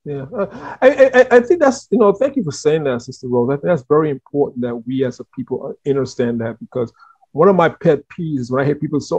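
Caribbean guy hosting, high husky voice, lively chat, dull dry lo-fi sound. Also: fast, no echo. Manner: animated, repeats words while thinking. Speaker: host. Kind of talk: casual interview chat.

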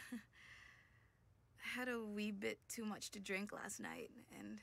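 A woman's voice: medium pitch, steady tone, extremely slow, gravelly, a bit bright, exaggerated voice. A woman voicing a game character who leaves a sleepy, hungover, apologetic voicemail, partly in a whisper. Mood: sheepish.

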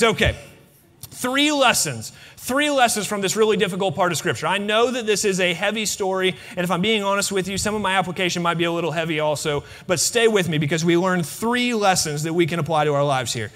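Preacher guy, high voice, animated, keeps repeating stuff to the congregation. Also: fairly quick. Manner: animated, talks to the congregation directly with repeated phrases. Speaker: pastor. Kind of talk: sermon. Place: church sanctuary.

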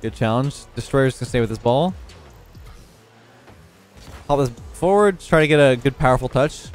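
Young man, game commentary, just woke up and yawning, relaxed play-by-play analysis, mid-pitched. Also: normal speed, faint music behind. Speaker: gaming YouTuber commentating his own match. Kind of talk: casual gameplay commentary.

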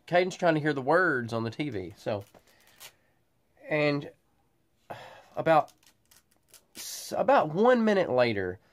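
A man in his thirties telling stories on his family vlog, his voice jumping up and down with plenty of life. He jokes around in a loose, drawling way, close to the camera mic. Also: mid-range voice. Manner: animated, joking, drawling. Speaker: vlogger. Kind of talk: casual vlog chat.

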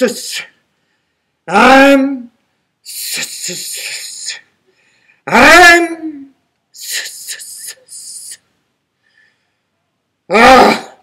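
A boastful storybook wolf, put on by a man reading aloud, speaks in a high, bright and lively voice. He is loud and theatrical, swinging up and down as he spins his tall tale. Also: exaggerated voice. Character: boastful big bad male wolf telling tall tales.

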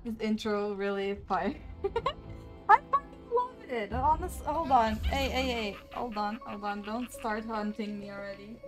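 A woman's voice: fairly high pitch, expressive, unhurried, music in the background. A young woman streaming a game live, cursing and laughing in exasperation as she plays. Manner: swearing a lot, exasperated, laughing often. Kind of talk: live gameplay commentary.

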